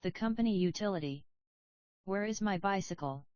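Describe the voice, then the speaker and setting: A woman's voice: medium pitch, moderate pace, a little mellow, clear, resonant tone, muffled recording, close to an everyday voice. A woman reading the part of a shy, polite young male salesman who talks hesitantly.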